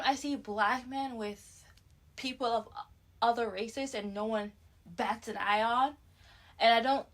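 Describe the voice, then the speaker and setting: A young Canadian woman talks straight into the camera in a casual, opinionated way. Her voice sits a little high for a woman, and she calls her viewers "guys" as she works through her points. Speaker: reality TV recap vlogger. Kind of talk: casual chat.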